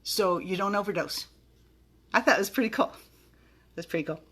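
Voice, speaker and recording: A middle-aged American woman vlogs about vitamins, chatting casually to the camera in a bubbly, giggly way and tripping over her words now and then. Her voice is medium in pitch, brisk and sharp, with a slight roughness.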